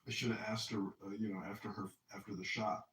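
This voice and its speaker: Rambling man host, low voice, echoey. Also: little pitch movement, fast, fairly bright tone. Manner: rambling, boastful storytelling. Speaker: podcast host. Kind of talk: casual crude banter. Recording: roomy distant mic with faint noise.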